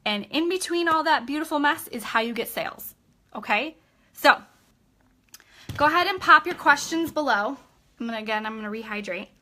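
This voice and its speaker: A woman runs a live video training for her sales team, lively and talkative. Her voice sits a little high and rings bright. She keeps repeating key points and checking in with her viewers. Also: normal speed, pauses often. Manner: energetic, chatty, repeats points and checks in with "okay?"; acts out customer chats in a bubbly voice. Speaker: direct sales team leader.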